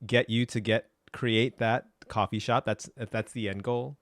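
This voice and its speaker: A man co-hosting a podcast, asking loud, joking questions of his co-host in casual chat. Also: lowish voice, fairly even intonation, a little slow, dry recording, studio quality.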